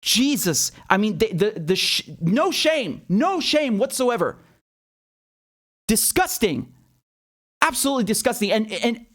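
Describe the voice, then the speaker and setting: Man, high pitch, political commentator, sarcastic, outraged, swears. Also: a bit bright. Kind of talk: indignant video commentary.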